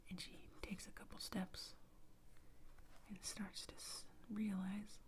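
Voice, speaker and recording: A woman telling an improvised bedtime story as whispered role-play, slow and soft. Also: medium pitch, flat delivery. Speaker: ASMR storyteller.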